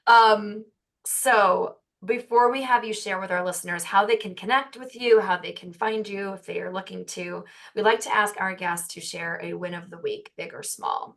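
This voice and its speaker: A woman's voice: mid-range voice, moderate pace, a bit bright. An American woman co-hosting a podcast, rambling and gushing, often correcting herself mid-sentence. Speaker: podcast co-host. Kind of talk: casual interview chat.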